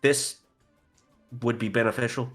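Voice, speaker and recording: A man at a tabletop game makes a persuasive in-character pitch. His voice is bright, with faint music in the background. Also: fairly even intonation, measured pace. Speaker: player. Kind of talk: tabletop role-play.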